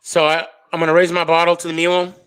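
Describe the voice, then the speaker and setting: A man's voice: on the high side, completely flat delivery, quick pace, a bit bright, smooth. A man hosting a live stream, chatting casually, reading viewer comments and rambling through jokes. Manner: rambling, joking, self-interrupting.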